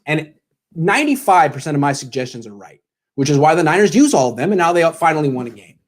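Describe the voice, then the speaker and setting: A young man talks through a live postgame stream in a sarcastic, self-deprecating way, reading out donations and arguing football. His voice sits a little high and swings widely, cracking when he gets worked up. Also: big pitch swings, fast talker. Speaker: sports show host.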